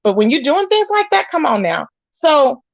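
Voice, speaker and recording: A woman's voice: sits high, big pitch swings, normal speed, vocal fry, dry recording. A woman doing casual live-stream commentary, reading chat aloud in a sassy way, calling viewers child and honey. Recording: dull lo-fi, dry.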